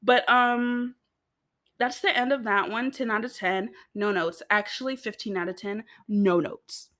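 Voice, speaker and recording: A young American woman rambling through a TV recap in a casual, chatty way, giggling between thoughts and tossing in little asides. Her voice sits at an ordinary middle pitch for a woman. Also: steady tone, a little slow, fairly bright tone. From United States. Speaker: video host.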